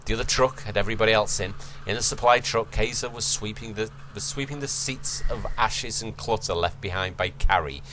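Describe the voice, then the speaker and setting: A man's voice: lowish voice, fairly quick, few pauses, background noise. A male podcast host reading fan fiction aloud, laughing, swearing and stopping to mock the text.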